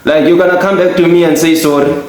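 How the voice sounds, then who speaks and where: A young man casually chatting as a podcast co-host, telling animated stories with laughter and acted-out quotes. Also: a little high, fast. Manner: animated, laughing storyteller who acts out quotes. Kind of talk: casual chat, storytelling. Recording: echoey room.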